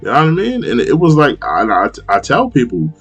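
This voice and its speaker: A man's voice: medium pitch, wildly swooping pitch, fairly quick, fairly bright tone, husky, faint music behind. A man from Long Island, hosting a live stream and chatting casually, rambling and repeating himself with frequent laughs. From Long Island, New York. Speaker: live stream host reading chat. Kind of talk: casual chat.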